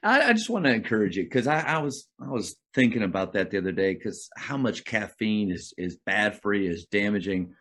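A man's voice: on the low side, expressive, a little fast, hardly any pauses, a bit bright. A man hosting an interview, chatty and rambling, often stumbling over his words. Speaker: host. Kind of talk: casual interview chat.

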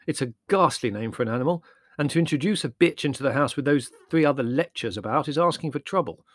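A man's voice: mid-range voice, animated, fast, no room sound, studio quality, pitched above the performer's own voice, lightly acted. A man doing a sardonic, scornful young wit. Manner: arch, cutting, theatrical disdain.

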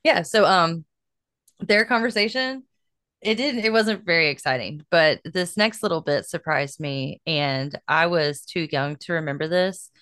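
A woman's voice: fairly low pitch, unhurried, fairly bright tone, no room sound, studio quality. A young woman co-hosting a casual podcast, chatty and full of fillers, laughing easily. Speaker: podcast co-host. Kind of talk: casual chat.

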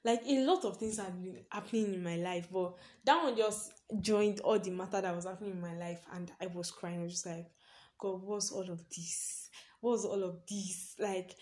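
A young woman tells a personal story on her own podcast in a loose, chatty monologue, leaning on "basically" and laughing often. Her voice is medium in pitch and a little mellow.

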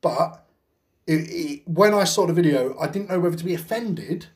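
A man's voice: on the high side, lively intonation, moderate pace. A man with a blunt, sweary, rambling way of talking, telling a story in a casual podcast chat. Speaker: podcast co-host.

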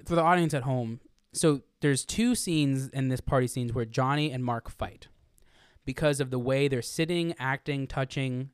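A man's voice: medium pitch, moderate pace, clean tone, no room sound, clean studio sound. A man co-hosting a podcast, rambling through a casual film discussion and slipping into exaggerated quotes of movie lines. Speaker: podcast co-host.

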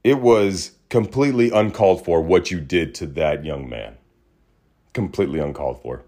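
Low-voiced man ranting on a podcast. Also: normal speed. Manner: animated, swings from heated ranting to low mutters. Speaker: podcast host. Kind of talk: casual ranting monologue. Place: small home studio.

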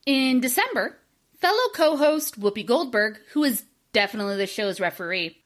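A woman's voice: fairly high pitch, very animated, normal speed, a bit bright. A woman hosting a casual comedic podcast, reading out notes with playful sarcasm. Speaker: podcast host.

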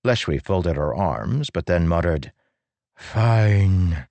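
A man doing scripted narration of an audiobook in a steady, unhurried way. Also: low voice, no echo.

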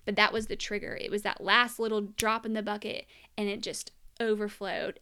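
A woman's voice: mid-range voice, little pitch movement, fairly quick, hardly any pauses, sharp tone, smooth. A young woman telling her personal story as a mother in an earnest, emotional monologue, at times close to tears.

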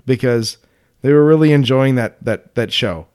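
A man co-hosting a podcast, talking in an easygoing, animated way. He laughs often and restarts his sentences as he thinks aloud. His voice sits at an ordinary middle pitch. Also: normal speed. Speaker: podcast co-host. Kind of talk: casual chat.

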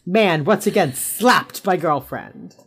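A woman's voice: lowish voice, slow, slightly rough. A young woman co-hosting a podcast, casually recapping a TV episode and acting out characters' lines. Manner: animated, acts out characters' lines with laughs. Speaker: podcast co-host.

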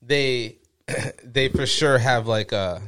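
A man's voice: medium pitch, takes it slowly, bright, forceful tone. A man in casual chat, reacting and agreeing, swearing now and then.

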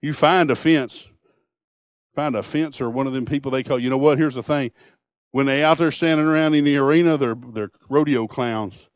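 A man preaching a sermon, folksy and impassioned, swinging from hushed to booming. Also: normal speed, clear, resonant tone, no echo. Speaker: pastor.

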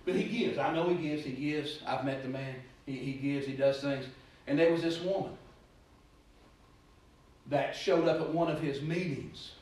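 A male preacher, heard from a distance in a very echoey room, with a slightly higher voice. He rambles through his stories and then builds into loud, urgent preaching. A faint hiss sits under the recording. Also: moderate pace. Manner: storytelling, rambling, rising to loud exhortation. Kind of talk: sermon.

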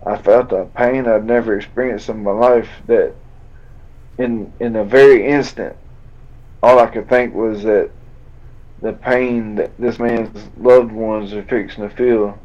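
A man, a fighter telling a painful story in an interview, drawling and halting as he acts out old conversations. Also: lowish voice, a little mellow. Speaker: bare-knuckle fighter guest. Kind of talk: emotional storytelling in a podcast interview. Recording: dull lo-fi audio.

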